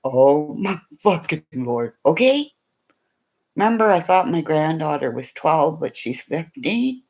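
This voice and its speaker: An older woman talks in a slow, unhurried way, her voice rough and gravelly with a husky edge. Her pitch leaps wildly up and down as she tells stories, piling on exclamations and the odd swear word in a casual chat. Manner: animated storytelling with frequent exclamations and swearing. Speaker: vlogger.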